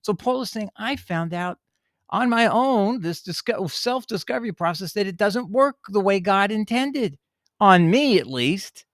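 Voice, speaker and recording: A man with a high voice preaches fervent, scolding commentary on scripture, pressing each point hard and wandering off into digressions. The sound is dry and close, with no room around it. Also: lively intonation, measured pace, dry recording. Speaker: bible teacher.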